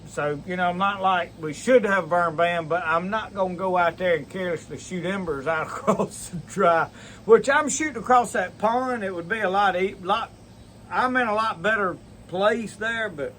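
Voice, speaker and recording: A man's voice: high-pitched, a bit bright, slight background noise. A man hosting a casual outdoors vlog, rambling in a folksy way and talking straight to his viewers. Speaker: outdoors channel host. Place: outdoors in a dry yard.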